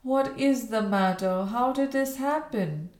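An excitable young Victorian wife , as a woman reader puts her on, emphatic and quick to exclaim. Her voice sits high and lifted above the narration. A roomy echo surrounds it. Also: natural voice. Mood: animated.

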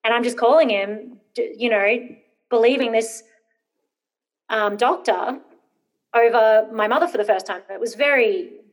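A woman's voice: fairly high pitch, a little slow, long pauses. A woman in her thirties, an interview guest telling a personal story, hesitant with many ums and rambling when nervous.

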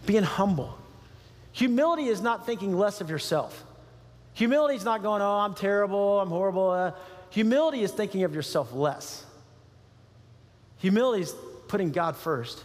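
A male pastor preaching a sermon in an animated way, laughing often and acting out quoted voices. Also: sits high, moderate pace, long pauses. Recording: long hall reverb.

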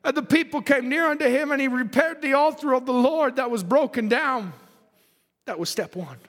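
Male preacher, very high voice, fervent sermon, rising to shouts, long hall reverb. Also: normal speed. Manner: fervent, reads scripture aloud, shouts at peaks.

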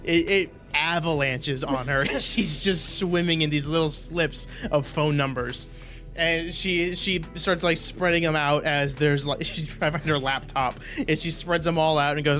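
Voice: mid-range voice, fairly even intonation, a little slow, a bit bright, faint music behind. A game master narrating a tabletop role-playing game. The telling rambles and doubles back, and chuckles often break into it.

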